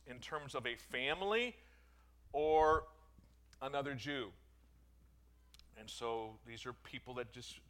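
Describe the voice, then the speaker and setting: A man's voice: mid-range voice, bright, forceful tone. A man leading a Bible study, reading scripture aloud and breaking off to explain it with casual, self-correcting asides. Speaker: Bible teacher.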